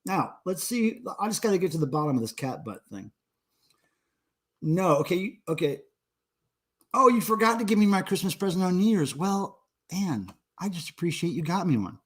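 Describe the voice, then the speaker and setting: A man's voice: high-pitched, very animated, normal speed, slightly rough. A man in his forties hosting a casual livestream, drinking beer and joking crudely with viewers in the chat. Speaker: livestream host.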